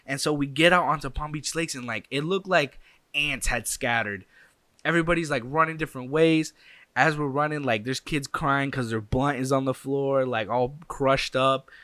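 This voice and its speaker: A young man tells a personal story in a casual, animated way, slipping into the voices of the people involved and adding sound effects. His voice is bright and forward. The recording is dry and close. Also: mid-range voice, normal speed, dry recording.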